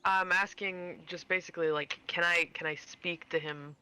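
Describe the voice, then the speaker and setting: A man playing a tabletop game, speaking in a hesitant, halting, earnest way. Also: on the high side, fairly even intonation, pushed and bright, smooth. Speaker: player. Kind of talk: casual tabletop play.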